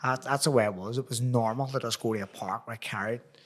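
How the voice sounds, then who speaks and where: A man's voice: mid-range voice, quick pace. Belfast man, podcast host, loose and rambling, full of local slang. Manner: rambling, nostalgic, uses slang like "wee" and "crack". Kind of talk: casual chat.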